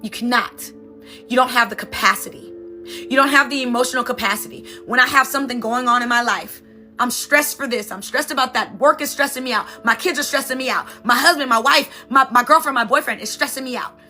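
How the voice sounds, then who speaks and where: A woman's voice: a little high, fairly quick, bright, forceful tone, faint music behind. A woman NLP coach and sound healer giving an emphatic, conversational motivational talk, often checking in with "right?".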